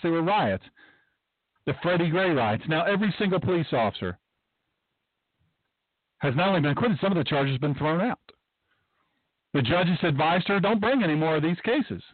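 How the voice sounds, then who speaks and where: A man's voice: on the high side, expressive, moderate pace, long pauses, no room sound. Tinny-sounding emphatic talk radio man. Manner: emphatic, rambling, repeats himself. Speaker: podcast host. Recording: tinny phone-like dry sound.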